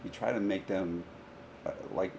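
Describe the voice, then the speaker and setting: A man, a high school golf coach, telling stories in a casual podcast chat and often laughing through them. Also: normal speed, creaky, noisy background. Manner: animated, laughs through his own stories.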